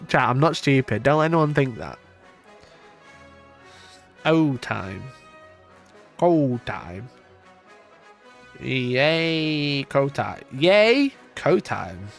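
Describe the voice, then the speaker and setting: A man's voice: mid-range voice, animated, drawn-out words, vocal fry, long pauses, soft background music. A man streaming live as he works through a word puzzle. He talks to himself and to his chat, laughs often, mocks himself and swears.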